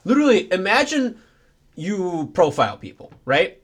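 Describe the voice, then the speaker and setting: Young male co-host, slightly high-pitched, playful mock-outrage, chatty. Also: moderate pace. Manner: animated, joking, mock-indignant ranting. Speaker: podcast co-host. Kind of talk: casual podcast chat.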